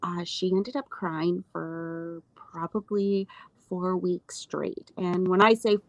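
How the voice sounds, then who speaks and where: A woman postpartum doula talking as a guest in a casual interview, earnest, with many fillers and lively retelling. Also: lowish voice, slow pace, dry recording, dull audio.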